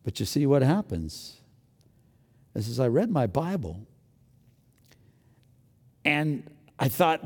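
A man preaching a sermon as a pastor, swinging between loud exclamations and hushed, near-whispered lines as he acts out his own thoughts. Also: mid-range voice, big pitch swings, slow pace, long pauses, slightly rough, in a large hall. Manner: dramatic swings from loud to hushed, acting out inner voices.

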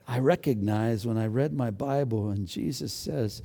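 A man preaching a sermon as a pastor, swinging between loud exclamations and hushed, near-whispered lines as he acts out his own thoughts. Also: medium pitch, normal speed, gravelly, few pauses, in a large hall. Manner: dramatic swings from loud to hushed, acting out inner voices.

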